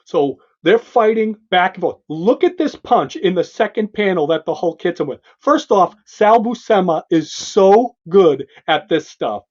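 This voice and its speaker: A male co-host in an excited comic book discussion, emphatic and animated, pointing out panel after panel. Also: high-pitched, measured pace, hardly any pauses. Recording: dull lo-fi sound.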